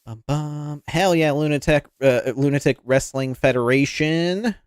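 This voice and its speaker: A man's voice: fairly high pitch, measured pace, clean tone, no echo, clean studio sound. A man with a nasal voice and a slight lisp, chatting casually and rambling to his viewers while streaming a game. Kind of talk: casual live-stream chat while gaming. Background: faint background music.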